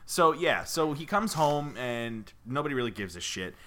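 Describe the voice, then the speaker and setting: Bright-voiced playful young man. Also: mid-range voice, sing-song, normal speed. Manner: playful, jokey, laughs often. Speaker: podcast co-host. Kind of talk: improvised comedic storytelling.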